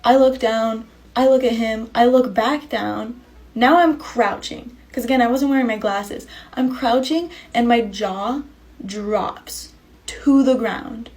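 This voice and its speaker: A woman dramatically retelling a personal story in an animated way. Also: on the high side, takes it slowly. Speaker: storyteller in a social media clip.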